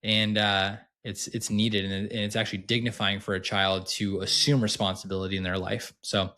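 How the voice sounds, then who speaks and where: A man in his thirties co-hosting a podcast, chatting casually and telling animated stories with lots of restarts. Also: lowish voice, fairly quick. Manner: animated storyteller, many restarts. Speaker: podcast co-host. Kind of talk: casual chat.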